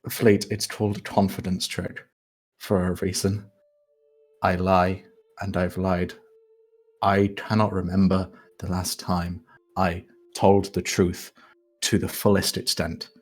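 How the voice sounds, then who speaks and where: A man's voice: deep voice, little pitch movement, husky, full character voice. A man doing an Irish-twanged con man confessing. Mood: confessional. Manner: confessional, halting, slow. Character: male con-man noble dropping his posh act.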